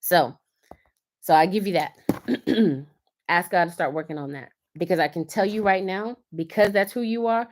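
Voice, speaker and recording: A woman's voice: lowish voice, moderate pace, pauses often. A woman in her thirties or forties, hosting a casual live stream and giving earnest, preachy advice drawn from her own life. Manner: earnest, preachy, tells personal stories. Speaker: host of a faith-based live stream.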